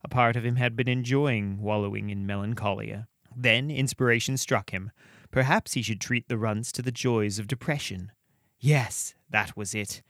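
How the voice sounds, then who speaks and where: A man hosting a podcast, reading dark fantasy stories aloud with a measured, expressive delivery and chatting casually between them. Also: mid-range voice, no room sound, clean studio sound. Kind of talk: storytelling narration and casual commentary.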